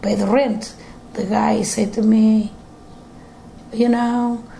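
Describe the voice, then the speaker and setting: A woman's voice: a little high, takes it slowly, gravelly, slight background noise, poor audio. An older woman with a Portuguese accent, telling her family history in broken English during an interview at home. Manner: broken English, animated storytelling with acted quotes.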